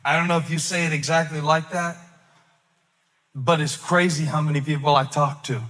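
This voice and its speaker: A man preaching a sermon as a pastor, swinging between loud, sing-song peaks and hushed, low asides, with touches of humor. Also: fairly even intonation, normal speed, in a large hall.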